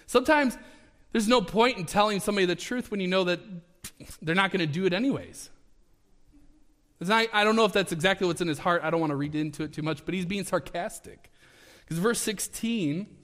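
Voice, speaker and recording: A man preaching a sermon in a conversational, animated way, acting out the scripture as he reads it. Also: sits high, brisk. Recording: long hall reverb.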